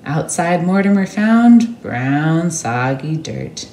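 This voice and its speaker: A woman reading a picture book aloud to children at a church service, expressive and animated. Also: low voice, takes it slowly, hardly any pauses, roomy sound, slight background noise. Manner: expressive, animated read-aloud with sound words.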